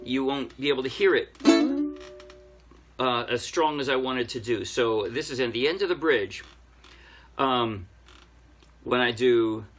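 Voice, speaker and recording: A man's voice: mid-range voice, measured pace, pauses often, a bit bright, faint music behind. A man giving a casual ukulele lesson, explaining step by step while he plays. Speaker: ukulele teacher. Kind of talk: casual music tutorial explanation. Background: ukulele playing.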